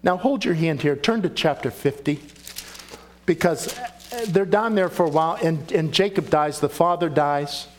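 A man's voice: a little high, normal speed, slight background noise. A man preaching a sermon and reading scripture aloud. He speaks emphatically and keeps asking the listeners questions.

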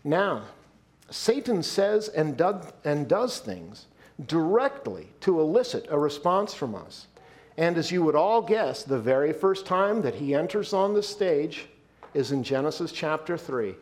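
A male pastor delivering a sermon, emphatic, slowing down and dropping his voice to stress key points. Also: on the high side, sing-song.

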